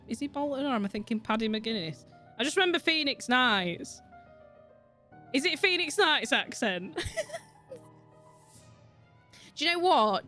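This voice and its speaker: A woman's voice: fairly high pitch, sharp tone. A woman streaming a detective game, chatting casually with her viewers, giggling often, swearing freely and rambling from thought to thought. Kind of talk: casual gameplay commentary with chat.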